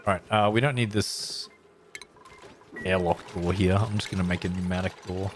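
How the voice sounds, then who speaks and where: Low-voiced man streaming a game. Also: fairly even intonation, normal speed, soft background music. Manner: thinks aloud while building, chats playfully with viewers. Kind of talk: casual live-stream commentary.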